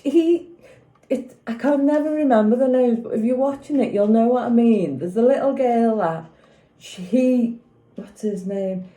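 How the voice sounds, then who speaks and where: A woman in her fifties vlogs casually in an echoey room, her voice a little high and dark-toned at a measured pace. She rambles through opinions on a TV show and keeps checking whether you follow, asking "do you know what I mean."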